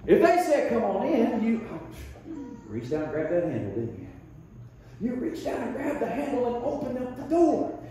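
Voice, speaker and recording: A man's voice: extremely high pitch, sing-song, dark tone, far from the mic, slight background noise. A man preaching a sermon as pastor, telling homespun stories and drawing out his main points with heavy emphasis. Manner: folksy storytelling preacher, drawn-out emphatic points. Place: church sanctuary. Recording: very echoey church, voice from off mic.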